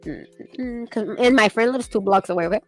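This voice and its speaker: Woman, fast-talking, animated, casual chat, quotes in put-on voices. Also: fairly high pitch, dry recording, soft background music, low-quality recording.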